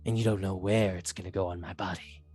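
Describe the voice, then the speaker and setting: A tabletop game master playing a gruff male hunter who speaks low and threatening. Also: steady tone, fast, a little mellow, soft background music. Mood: menacing. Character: gruff, menacing renowned jungle hunter, a man.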